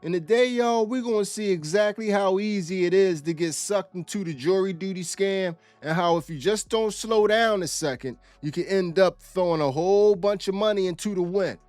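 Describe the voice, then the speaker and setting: A man's voice: high voice, moderate pace, few pauses, a little mellow, no echo, soft background music. A male host giving casual commentary on a clip in a folksy, conversational way. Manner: folksy and conversational, uses y'all.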